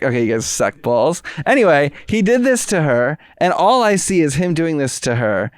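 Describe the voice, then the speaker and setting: A man chats casually as a podcast co-host. He rambles through a story and jumps up in pitch when he gets excited. His voice is smooth and clear, and the recording is dry and close. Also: normal speed, few pauses, no echo. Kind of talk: casual comedic chat.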